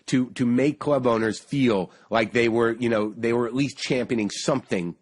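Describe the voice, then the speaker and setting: A man hosting a casual talk, telling a story with quick restarts and frequent swearing. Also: medium pitch. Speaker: podcast host.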